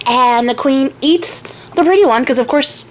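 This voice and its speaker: A woman's voice: high voice, normal speed. A young woman casually retelling a fairy tale to her viewers, playful and chatty, laughing often. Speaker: storyteller and crafter. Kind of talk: casual storytelling.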